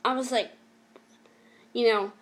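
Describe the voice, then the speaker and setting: Halting, emotional woman telling her story. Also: on the high side, fairly even intonation. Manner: emotional, halting, repeats herself. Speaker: vlogger. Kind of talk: personal storytelling vlog.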